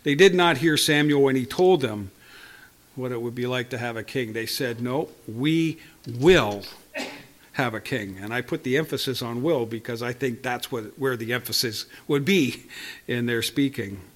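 A man's voice: medium pitch, normal speed, a bit bright. An older man preaching a sermon in a conversational, storytelling way, often restarting words and chuckling. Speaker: pastor.

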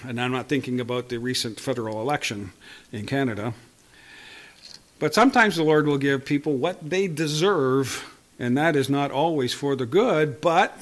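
A man's voice: mid-range voice, moderate pace, pauses often, fairly bright tone. An older man preaching a sermon in a conversational, storytelling way, often restarting words and chuckling. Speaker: pastor.

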